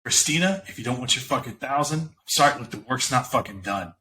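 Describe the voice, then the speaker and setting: Man playing a gruff, profane crew boss. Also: medium pitch, expressive, fast, bright, forceful tone, slight background noise, poor audio. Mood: stern. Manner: blunt, profane. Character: gruff hard-nosed male crew boss.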